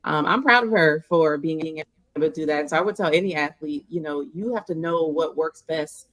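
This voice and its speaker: A woman with a New Orleans accent, a counselor answering interview questions in a thoughtful, steady way. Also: deep voice, moderate pace, no room sound. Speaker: guest, mental health counselor.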